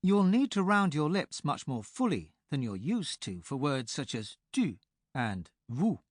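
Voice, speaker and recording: A man reading a scripted language lesson for an audiobook, speaking clearly and explaining step by step. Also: on the high side, big pitch swings, unhurried, dry recording, studio quality. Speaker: language tutor.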